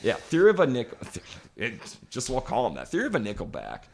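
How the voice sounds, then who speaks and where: A man's voice: mid-range voice, huge pitch swings, fast, gravelly, a little mellow. A man co-hosting a podcast, ranting emphatically and swearing constantly in casual chat. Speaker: podcast co-host. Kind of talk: profane casual podcast rant.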